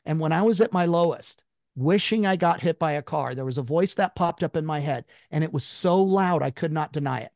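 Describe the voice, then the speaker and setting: A man, a guest in an interview, telling a personal story in an emphatic, high-strung way and swearing freely. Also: fairly quick, a little mellow, dry recording, studio quality.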